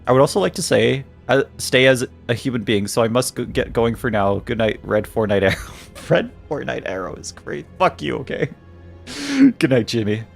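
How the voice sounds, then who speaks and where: A man's voice: medium pitch, creaky. A man streaming a game, casually joking with chat and reading the game's dialogue aloud, now and then in a mock British voice.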